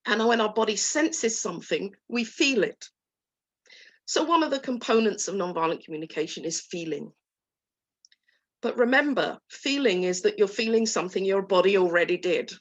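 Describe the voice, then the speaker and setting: A woman coach talking gently and soothingly to an online group, voicing soft inner dialogue. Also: mid-range voice, animated, moderate pace. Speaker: guest coach. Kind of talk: talk to a live online group.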